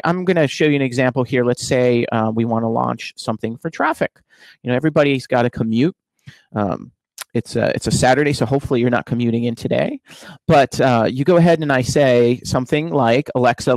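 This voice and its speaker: A man's voice: medium pitch, dry recording, rough recording. Dry-sounding man giving a casual tech talk. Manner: casual, explanatory, many fillers. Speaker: conference speaker. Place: home office.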